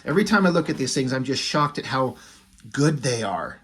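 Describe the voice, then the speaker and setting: A man's voice: mid-range voice, very animated, brisk, a bit bright, slight background noise. A man who reviews comics and draws, retelling a story in a rambling, casual way full of fillers. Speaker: comic book reviewer and artist.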